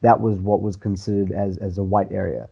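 A man from South Africa with a lightly worn South African Indian accent, telling stories in a relaxed, rambling way as an interview guest. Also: low voice, a little fast, vocal fry, slightly rough, muffled recording. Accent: South African Indian, diluted. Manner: relaxed, rambling with restarts and fillers. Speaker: guest, actor. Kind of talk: casual interview storytelling.

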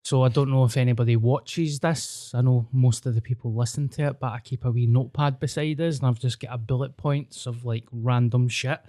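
A man with a Glaswegian Scottish accent hosting a podcast, rambling in a casual, sweary, deadpan way. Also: mid-range voice, a little fast, few pauses, dry recording, studio quality. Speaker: podcast host. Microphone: podcast mic.

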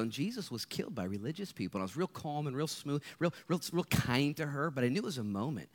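Animated male pastor preaching. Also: fast, few pauses. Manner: animated, acts out quotes with big pitch jumps, drops to quiet intensity. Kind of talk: sermon to students.

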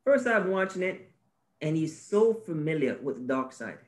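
A male podcast co-host in faith-based conversation, animated and preachy, acting out little scenes and repeating his key phrases. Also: fairly high pitch, moderate pace.

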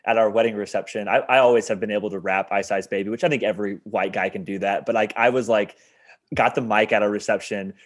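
Quick-talking young man hosting a podcast. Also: on the low side, fairly even intonation. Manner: upbeat, laughs often, says "like" a lot. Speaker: podcast host. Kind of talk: casual interview chat and outro. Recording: music bed behind the voice.

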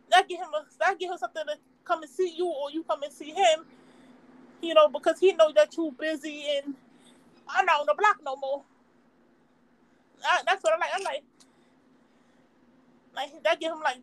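A young woman talks in a high, bright voice, chatty and easygoing. She strings her thoughts together with "like" and "you know," laughing as she goes. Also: moderate pace, long pauses, low-quality recording. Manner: chatty, laughs often, lots of "like". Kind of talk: casual chat.

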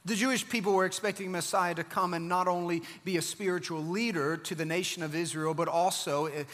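A man preaches with an animated, emphatic delivery that climbs to fervent peaks. His voice sits high and sounds bright and forceful. The sound rings with a long hall reverb. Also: brisk. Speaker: pastor. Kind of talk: sermon.

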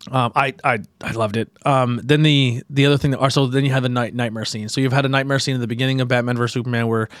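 A man's voice: mid-range voice, fairly even intonation, quick pace, no room sound. A man co-hosting a podcast, retelling a movie scene in casual chat, rambling with restarts. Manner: rambling, with many restarts and acted-out quotes. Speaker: podcast co-host.

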